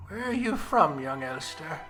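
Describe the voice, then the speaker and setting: A man voicing a frail, blind old man who speaks slowly and gently in a tabletop game. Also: fairly high pitch, sing-song, faint music behind, full character voice. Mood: gentle.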